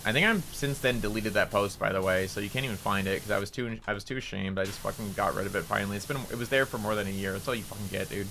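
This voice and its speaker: A man chatting on a gaming livestream in a bright, forward voice. He swears freely and keeps jumping into excitable, high-pitched outbursts. A faint hiss of noise sits under his talk. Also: racing, vocal fry, hardly any pauses. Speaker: VTuber streamer. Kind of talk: casual livestream chat while gaming.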